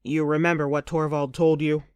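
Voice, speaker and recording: A woman voicing a jovial male Viking crewman who speaks in a loud, dismissive, rallying way. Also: low-pitched, flat delivery, normal speed, clear, resonant tone, no echo, pitched below the performer's own voice, lightly acted. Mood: hearty.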